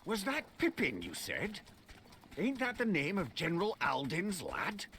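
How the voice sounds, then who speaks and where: A rough-spoken game soldier. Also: male voice, high-pitched, wildly swooping pitch, measured pace, a bit bright, slight background noise, exaggerated voice. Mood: blunt.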